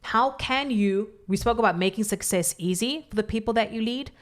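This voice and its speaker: A woman co-hosting a business podcast, explaining leadership in a steady, measured way. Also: a little high. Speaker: podcast co-host. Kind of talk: coaching podcast talk.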